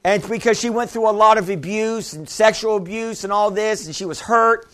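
A man preaching a sermon to a congregation, lively and humorous, laughing often and calling out "Amen?" to the room. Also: high voice, moderate pace. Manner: laughs often, restarts phrases.

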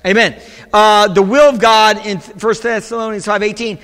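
An emphatic male pastor with a very high, bright voice, preaching a sermon in a church. He punctuates his points with repeated calls of amen, and his voice rings through a reverberant hall. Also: normal speed.

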